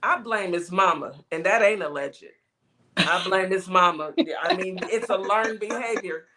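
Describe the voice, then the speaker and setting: A woman's voice: lowish voice, normal speed, over a noisy crowd. A woman hosting a casual morning talk show, chatty and sassy, laughing often. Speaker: show host.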